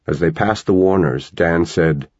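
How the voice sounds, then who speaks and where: A man reading a novel aloud as an audiobook narrator, in a measured storytelling manner. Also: low-pitched, a little mellow, no room sound, highs cut off. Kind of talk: scripted narration.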